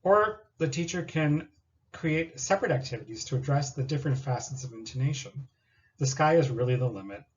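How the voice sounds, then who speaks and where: A man presenting a lesson plan in a measured, explanatory way, sometimes modeling question intonation aloud. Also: medium pitch, lively intonation, highs cut off.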